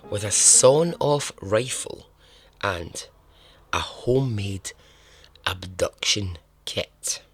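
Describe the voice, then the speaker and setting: A man's voice: deep voice, a bit bright, breathy edge. A man hosting a podcast, telling a true-crime story in a casual, chatty way, laughing and swearing now and then. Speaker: podcast host.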